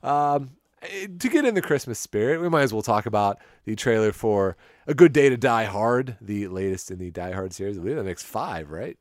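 A man's voice: lowish voice, animated, brisk, no echo, studio quality. A man hosting a casual movie trailer podcast, easygoing and leading each segment. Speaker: podcast host.

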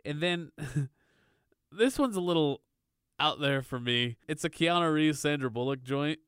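Male podcast co-host, clear resonant tone, dry close sound, laid-back rambling. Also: on the high side, unhurried, no echo. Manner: relaxed, loose, filler-heavy. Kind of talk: casual movie chat.

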